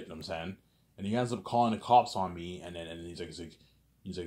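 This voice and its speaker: A man with a fairly low voice tells a long, rambling story in a casual monologue. He stumbles over repeated words and keeps tagging his sentences with filler questions. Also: steady tone, fast, warm tone. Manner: stammering repetitions, constant filler tags.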